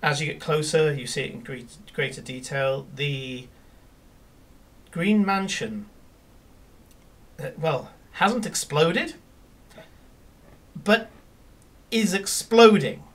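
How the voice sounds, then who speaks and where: A man's voice: fairly high pitch, lively intonation, takes it slowly, long pauses, fairly bright tone, far from the mic. A man running a tabletop game as game master, narrating scenes with many fillers and restarts.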